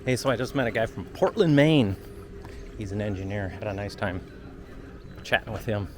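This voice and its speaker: Lower-voiced man, emotional and candid, outdoor vlog on a phone, faint background noise. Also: animated, normal speed. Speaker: vlogger on a long walk. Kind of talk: casual travel vlog talk. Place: outdoors on a walking trail.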